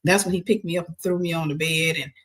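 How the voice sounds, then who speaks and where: Animated woman telling a personal story. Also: deep voice, fast. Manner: animated, quotes people in changed voices, drops into soft near-whispers. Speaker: host.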